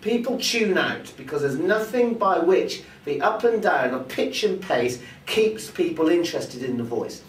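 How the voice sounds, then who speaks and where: A man teaching presentation skills, acting out the vocal examples he explains. His voice runs a little high and swings widely in pitch. He is recorded from some distance in a roomy space with a faint ambient hum behind him. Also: lively intonation, measured pace, few pauses. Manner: demonstrative, acts out vocal examples. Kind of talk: teaching with spoken demonstrations.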